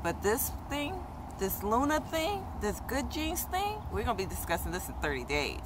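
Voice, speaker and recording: A woman beauty vlogger talks casually and directly to her viewers, checking in with "okay?" as she goes. When she gets excited she repeats herself in quick bursts. Cars and street noise are clearly heard behind her. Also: fairly high pitch. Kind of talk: casual chatty product review.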